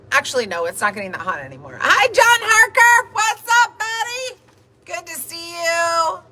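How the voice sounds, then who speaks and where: A woman's voice: on the high side, bright, forceful tone. A young woman hosting a casual livestream, reading viewer comments aloud in a bubbly, repetitive way while tired from an early start. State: tired, up since the middle of the night. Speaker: host of a livestream. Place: home in Texas.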